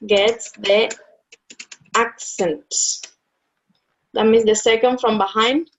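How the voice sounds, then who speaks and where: A woman's voice: mid-range voice, fairly even intonation, extremely slow, long pauses. A woman tutoring a Spanish lesson, patiently explaining rules step by step, repeating key words and checking that her student follows. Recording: dull lo-fi sound.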